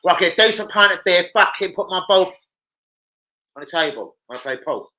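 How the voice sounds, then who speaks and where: Sweary London lad on a livestream. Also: male voice, high voice, animated, normal speed, pushed and bright, poor audio. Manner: sweary, laddish banter. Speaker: livestream host. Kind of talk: casual live chat reading comments. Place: home, indoors.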